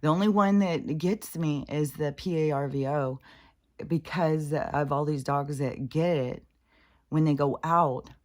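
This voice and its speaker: A woman's voice: low-pitched, unhurried. A middle-aged woman talking casually in a scattered, rambling way, swearing freely as she vlogs about spirituality. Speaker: spiritual vlogger.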